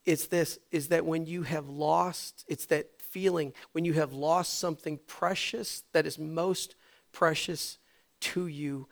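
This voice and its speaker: A middle-aged male pastor preaching a sermon, dropping to hushed whispers and rising to loud shouts. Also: a little high, fairly even intonation, a little slow, creaky.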